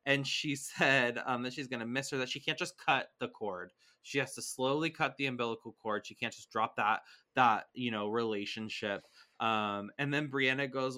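Bright-voiced man chatting casually. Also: medium pitch, moderate pace. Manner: rambling, animated, many fillers. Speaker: podcast co-host. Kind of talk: casual chat recapping a reality show.

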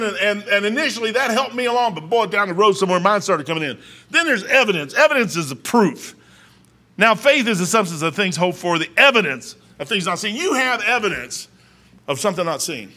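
A middle-aged man preaching a sermon in a folksy, storytelling way, dropping to quiet asides and rising to loud exhortation. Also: sits high, expressive, brisk. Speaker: pastor.

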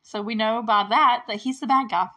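A woman's voice: on the high side, steady tone, moderate pace, bright, forceful tone. A woman casually recapping a movie, chatty and giggly, full of filler words and acting out the characters' lines.

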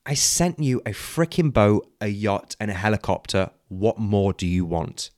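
A man's voice: on the low side, expressive, a little slow, darkish tone, no room sound, clean studio sound. A man voicing an exasperated, blunt God in a told story.

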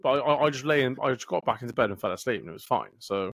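A man's voice: mid-range voice, animated, rapid-fire, fairly bright tone, dry recording, clean studio sound. A man in his thirties, a podcast co-host telling a rambling, sweary story in casual chat. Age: 30s.

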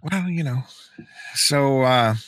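Bright-voiced man telling a story. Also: mid-range voice, slow pace, no room sound, clean studio sound. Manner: animated, acts out the people in his story. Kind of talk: casual storytelling.

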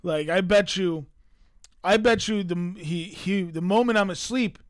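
A young man co-hosts a sports podcast, tossing out wry, joking takes. His voice sits a little high. The recording is dry and close. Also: unhurried, no room sound. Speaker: podcast co-host. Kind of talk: casual sports chat.

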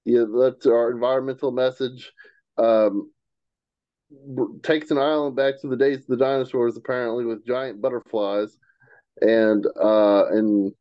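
A man's voice: mid-range voice, fairly even intonation, a little slow, no room sound. A man with a mid-range voice sums up movie plots with wry, dry humor. His voice comes through a dull, lo-fi mic in a dry, dead space. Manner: wry, dry jokes, summarizing. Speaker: podcast co-host. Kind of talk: casual movie review chat.

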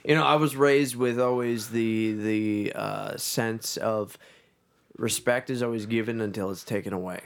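A man's voice: on the low side, steady tone, unhurried, vocal fry. A man co-hosting a podcast in casual chat, swearing freely and restarting often. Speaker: podcast co-host.

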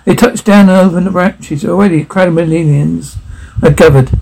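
Husky, mellow-voiced male story reader. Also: on the high side, poor audio. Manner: halting, with frequent restarts. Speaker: narrator. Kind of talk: reading a science fiction story aloud.

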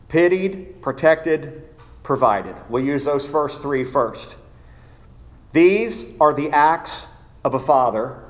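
A man teaching a sermon-style Bible study, emphatic, stressing and repeating key words slowly. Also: on the high side.

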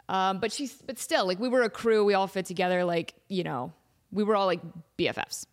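A woman in her thirties hosting a podcast, telling stories in a bubbly, animated, giggly way. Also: mid-range voice, moderate pace. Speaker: podcast host. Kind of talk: casual storytelling.

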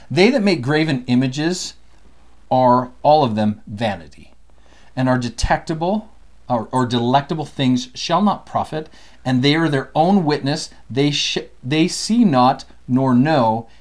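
A man co-hosting a casual scripture study, talking in a playful, animated way and laughing often. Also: medium pitch, measured pace. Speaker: co-host teaching scripture.

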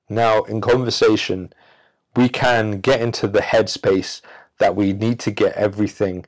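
A podcast host with a very low, gravelly voice delivers a self-help monologue straight into the mic in an audio-only recording. His deep register has a rough, fry-laden edge, and he speaks emphatically and preachily, stretching pauses for effect.

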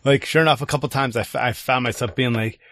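Casting: middle-aged man, soccer coach and dad, halting rambling storyteller, dry close mic. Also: medium pitch, fairly even intonation, a bit bright, dry recording. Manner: rambling with restarts and quoted asides. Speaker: youth soccer coach and parent. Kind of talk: casual chat.

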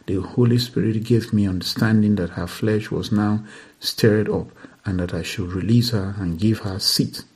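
A man reading a first-person account aloud, in a steady, earnest manner with occasional slips. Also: fairly low pitch, moderate pace, breathy edge. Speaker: reader.

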